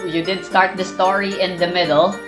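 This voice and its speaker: A woman's voice: fairly low pitch, little pitch movement, normal speed, over music. A woman playing through a courtroom game with a friend, reading lines aloud, laughing and swearing freely. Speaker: let's play reader. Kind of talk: casual game playthrough banter.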